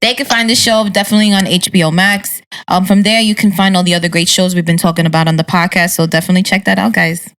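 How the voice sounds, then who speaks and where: A woman's voice: on the low side, fairly even intonation, fast, hardly any pauses, fairly bright tone. A woman co-hosting a podcast, chatting casually and enthusiastically in repeated phrases. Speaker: podcast co-host. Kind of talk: casual chat.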